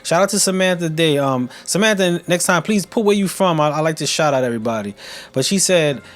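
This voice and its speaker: A man hosting a live show who interviews his guest casually, reads out viewer questions and gives upbeat shout-outs in laid-back slang. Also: on the high side, lively intonation, a little fast. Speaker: show host.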